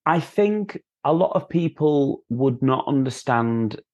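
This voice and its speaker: A man hosting a podcast in casual film chat, measured and thoughtful, sometimes trailing off. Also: mid-range voice, expressive, darkish tone, highs cut off. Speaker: podcast host.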